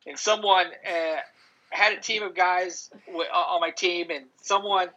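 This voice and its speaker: A man's voice: sits high, fairly even intonation, a little slow, bright, forceful tone. A middle-aged man chatting casually on a podcast, telling rambling stories full of restarts and "dude". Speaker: podcast co-host. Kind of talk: casual chat. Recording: dull lo-fi audio.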